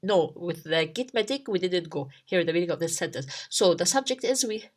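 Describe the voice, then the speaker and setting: A woman's voice: lowish voice, animated, a little fast. A woman teaching a beginner language lesson in a casual, explanatory way, asking herself questions and restarting her sentences as she goes. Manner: explains step by step, with many restarts and rhetorical questions.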